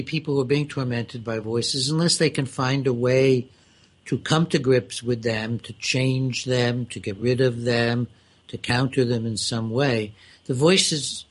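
Husky man explaining things slowly. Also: medium pitch. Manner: measured and explanatory, with filler pauses. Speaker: mental health expert. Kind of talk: conversational discussion.

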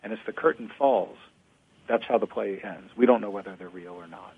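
A man who studies ancient drama, retelling a play in a lively storytelling way during a discussion. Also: on the low side, brisk, gravelly, husky. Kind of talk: conversational discussion. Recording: phone-like thin audio.

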